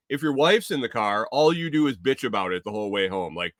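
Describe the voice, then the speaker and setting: A man hosts a casual podcast monologue, rambling and joking with plenty of swearing. His voice is bright and sits at a middle pitch. The recording is dry and close. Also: expressive, fast, hardly any pauses, no echo. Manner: profane, rambling, jokey. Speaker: podcast host.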